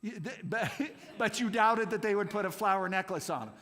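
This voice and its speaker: A man's voice: high voice, fairly quick, hardly any pauses, fairly bright tone. A man running a playful real-or-fake quiz with a youth group at a church service, jokey and laughing often. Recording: long hall reverb.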